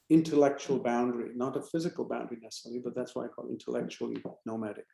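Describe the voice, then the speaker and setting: Gravelly man on a video call. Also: medium pitch, fast talker, dark tone, reverberant. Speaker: guest speaker. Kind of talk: fireside chat.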